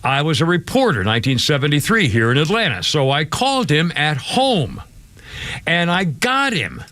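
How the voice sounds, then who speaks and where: An older man hosts a political talk radio show, his voice a touch high. He rambles through stories, chuckling, then turns indignant. The studio sound is dry and close. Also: wildly swooping pitch, moderate pace, pushed and bright, dry recording. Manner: rambling, indignant, laughs while telling stories. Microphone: studio microphone.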